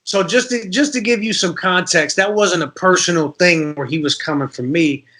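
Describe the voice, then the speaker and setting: A man's voice: high-pitched, moderate pace. A man from Detroit, a rapper guest, telling stories in a casual podcast interview and acting out the voices of people in them. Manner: animated storyteller, acts out voices.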